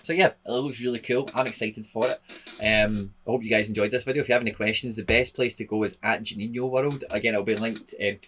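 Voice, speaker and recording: A man's voice: lowish voice, steady tone, quick pace, fairly bright tone, a little hiss or hum. A man with a Scottish accent, chatting casually to viewers as a video host, rambling with lots of fillers and restarts. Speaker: YouTube host. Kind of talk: casual vlog talk.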